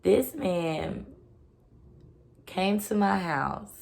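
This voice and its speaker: Woman vlogging a story, lowish voice with a gravelly edge, blunt and swears a lot. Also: extremely slow, a little mellow. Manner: blunt, profane, heavy use of "like". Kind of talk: casual storytelling rant.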